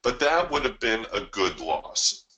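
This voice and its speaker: A man's voice: lowish voice, big pitch swings, measured pace, pushed and bright, low-quality recording. A man hosting a live trading webinar, explaining his approach in a conversational way and telling stories to his listeners. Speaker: trading coach and webinar host.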